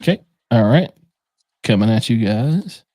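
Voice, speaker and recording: A man's voice: mid-range voice, expressive, a little slow, mellow, no echo, faint music behind. Profane, joking man on a livestream. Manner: loose, profane and jokey. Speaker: co-host of a live bourbon stream. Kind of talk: casual livestream chat.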